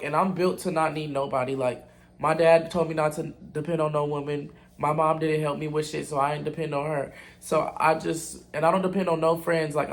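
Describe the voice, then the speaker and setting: A young man telling a casual storytime to his viewers, candid, blunt and full of profanity. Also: a little high. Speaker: vlogger.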